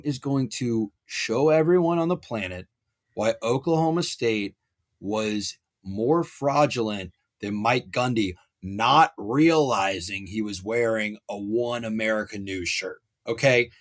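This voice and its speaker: A young man co-hosting a sports podcast, ranting at length with animated wrestling and pop-culture riffs. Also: fairly low pitch, a little slow. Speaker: podcast co-host.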